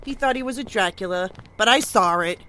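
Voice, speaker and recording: Crude, cackling old gossip, played by a woman, sharp bright voice, comedy audio drama. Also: mid-range voice, a little fast, close to an everyday voice. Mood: mocking. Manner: crude, cackling, conspiratorial talk. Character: older gossipy neighborhood woman, crude and mocking.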